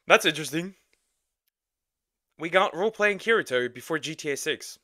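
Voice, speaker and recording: A man casually reacting to a cartoon parody, blurting excited comments. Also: on the high side, moderate pace, pauses often, no room sound, studio quality. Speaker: reaction streamer.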